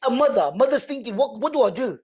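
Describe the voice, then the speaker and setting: A man, a podcast guest telling personal stories in an animated way and acting out what other people said. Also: very high-pitched, fast talker, husky. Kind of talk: emotional storytelling in conversation.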